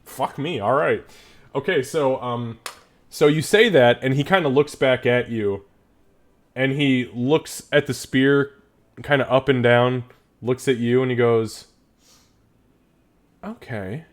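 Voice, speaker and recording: A man runs a tabletop game, narrating at an average pitch. His delivery is loose and casual, with frequent restarts. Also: a little slow. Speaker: game master.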